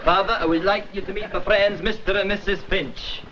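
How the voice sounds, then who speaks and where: An actor plays a polite, formal young Scotsman in a 1960s TV comedy, his voice pitched fairly high. The old TV soundtrack is dull and carries a steady hiss. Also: moderate pace, lightly acted. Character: polite young Scottish man. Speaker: son introducing his father. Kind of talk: 1960s sitcom acting.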